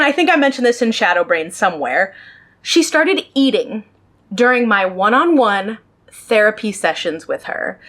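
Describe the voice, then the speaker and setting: A woman with a high, bright voice tells a personal story straight to her viewers. She sounds animated and exasperated, and she laughs often. Her tone stays casual and heated throughout. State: emotionally worked up. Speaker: storytime vlogger.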